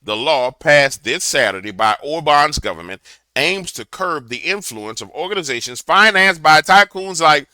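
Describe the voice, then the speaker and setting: A man's voice: fairly high pitch, lively intonation, normal speed, pushed and bright, dry recording. A man giving a preachy political commentary to a camera, telling a fiery story. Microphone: camera mic.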